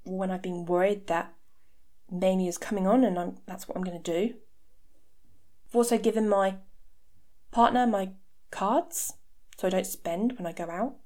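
A woman's voice: mid-range voice, fairly even intonation, normal speed, long pauses, darkish tone. A woman in her thirties hosting a podcast, talking frankly about her own life with dry, sarcastic asides. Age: 30s. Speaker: podcast host. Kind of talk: candid personal podcast talk. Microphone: home podcast mic.

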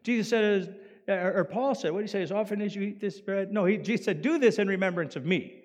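A male pastor preaching a sermon in an animated way, swinging from loud emphasis down to quiet. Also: high-pitched, quick pace. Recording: long hall reverb.

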